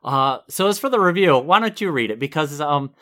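A man co-hosting a relaxed podcast conversation. He chats easily, laughs often, and drifts off mid-sentence before picking the thought back up. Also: on the high side, brisk. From northern United States. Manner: chatty, laughs often, trails off and restarts. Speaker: podcast co-host. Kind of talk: casual chat.

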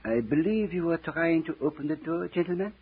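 A husky-voiced nightclub waiter who turns every threat into a courtesy, addressing everyone as gentlemen. It is a 1940s radio drama heard through a thin, phone-like old transcription. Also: male voice, fairly high pitch, animated, brisk, exaggerated voice. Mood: coolly menacing. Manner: stiffly formal, repeats "gentlemen". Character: suave menacing male nightclub waiter, formal.

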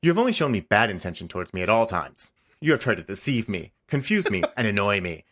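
A man reading the lines of a stubborn, passive-aggressive male AI chatbot in a comedy podcast, insisting he is right and tacking on a deadpan "smiley face". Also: lowish voice, quick pace. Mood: self-righteous. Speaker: podcast host. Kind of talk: comedic dramatic reading of a chat log.

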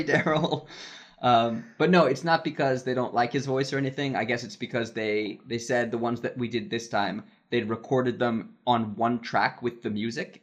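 Chatty man telling a work story. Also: medium pitch. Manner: chatty, laughs while telling anecdotes, many "like" fillers. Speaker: podcast co-host, voice actor in Japan. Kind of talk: casual podcast chat, storytelling.

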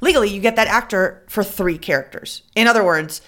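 Woman voice actor, casual panel chat, lively anecdotes, mid-range pitch. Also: a little fast.

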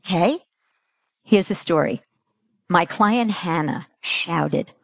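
Animated woman giving a parenting talk. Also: slow, creaky, long pauses, dry recording, clean studio sound. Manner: animated, acts out quotes with big pitch jumps. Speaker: parenting coach speaker. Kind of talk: motivational talk to an audience.

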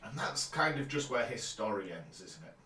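A man's voice: on the low side, normal speed. Man recapping, distant roomy mic. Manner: relaxed, summarizing plot steadily. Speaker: podcast co-host. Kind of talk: casual episode recap.

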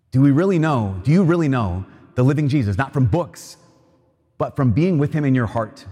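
A man's voice: medium pitch, lively intonation, normal speed, mellow, husky. A man giving a homily at Mass, earnest and conversational, often repeating himself as he builds a point. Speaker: priest. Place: cathedral. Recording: long reverb of a large church.

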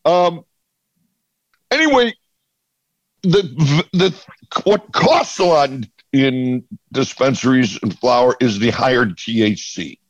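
A man talking as a podcast guest in casual chat, animated and laughing often, acting out bits of dialogue. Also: mid-range voice, slow pace, pauses often, dry recording, highs cut off. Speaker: interview guest.

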